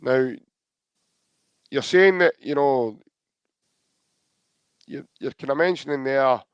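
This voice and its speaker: A man's voice: medium pitch, takes it slowly, clean tone, no echo, lo-fi sound. A Scottish man co-hosting a football podcast, easygoing and hesitant, calling his co-host "mate". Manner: easygoing, says "mate" a lot, hesitant restarts. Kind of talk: casual football chat.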